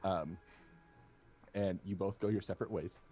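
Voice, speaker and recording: A man narrating as game master of a tabletop game, halting and hesitant, with fillers. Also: low-pitched, fairly even intonation, dark tone, soft background music.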